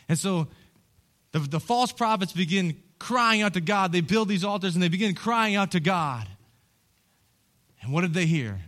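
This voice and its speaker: A man preaching a sermon as pastor, moving from hushed, low storytelling to loud, rising calls. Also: moderate pace.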